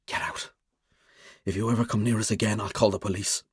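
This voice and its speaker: A man's voice: a little high, expressive, normal speed, no room sound, studio quality, pitched above the performer's own voice, close to an everyday voice. A man voicing a frightened, defensive middle-aged husband who pleads and then soothes his sick wife in an audiobook. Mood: cold.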